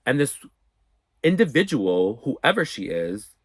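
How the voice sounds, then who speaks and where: An animated young man tells a storytime in casual, profane bursts, slipping into the voices of the people in his story. His pitch sits in the middle and he is recorded close on a dry mic. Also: measured pace, no room sound. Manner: animated, profane, acts out quotes. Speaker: storyteller vlogger.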